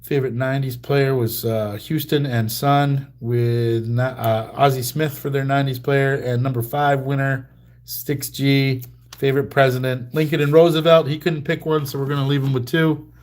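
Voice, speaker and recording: A man's voice: mid-range voice, flat delivery, normal speed, a little mellow. A man hosts a casual trading card livestream. He talks in a mid-range voice and rambles through his stories with plenty of fillers and small chuckles.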